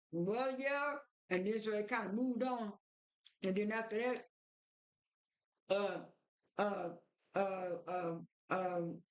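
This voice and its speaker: Recap vlogger, woman, slightly high voice, halting and repetitive delivery. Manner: rambling, many repeated fillers and restarts. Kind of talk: casual reality-show recap.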